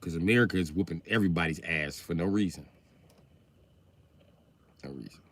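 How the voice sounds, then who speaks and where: A man's voice: low voice, fairly quick. A man hosting a livestream, ranting crudely and loosely in a comedic way. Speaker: livestream host. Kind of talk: profane comedic rant.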